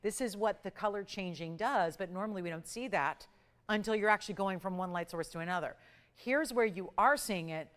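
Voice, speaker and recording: A woman's voice: medium pitch, fairly bright tone. Upbeat woman hosting a sales show. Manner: upbeat, salesy, rapid price countdowns. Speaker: shopping channel host. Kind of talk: live TV sales pitch. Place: TV studio.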